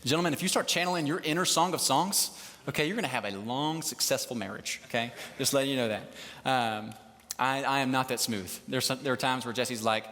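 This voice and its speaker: A man's voice: mid-range voice, brisk, fairly bright tone, slight background noise. A man preaching a casual, conversational sermon to a live crowd, chatty and joking, often checking in with the listeners. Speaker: pastor. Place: large hall, live service. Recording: long hall reverb.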